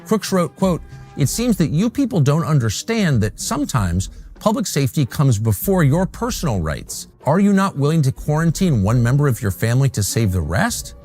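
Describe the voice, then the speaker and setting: A man narrates a documentary script in a measured way, delivering the quotes with drama. His pitch moves a lot, and soft music plays underneath. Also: sing-song.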